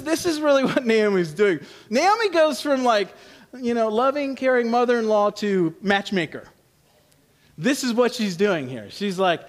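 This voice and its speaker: A man preaching a sermon in an animated, humorous, conversational way, swinging from loud to hushed. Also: very high voice, normal speed. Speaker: pastor.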